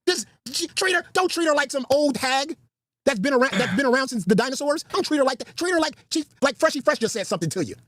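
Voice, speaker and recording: A man in a played stream clip, ranting in an animated, profane way. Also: extremely high pitch, fast talker, no echo. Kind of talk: animated rant.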